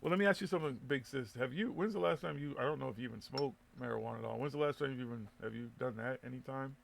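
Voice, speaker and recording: Brief: male host of a live web radio show, gravelly mid-pitched voice, rambling, profane, restarts a lot. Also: rapid-fire, a little hiss or hum. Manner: loose, swearing, laughing, stumbling restarts. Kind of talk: casual live show banter.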